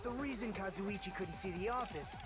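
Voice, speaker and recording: A woman voicing an earnest young student pressing an argument in a video game trial scene, with loud game music behind. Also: medium pitch, lively intonation, a little fast, lightly acted. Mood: insistent.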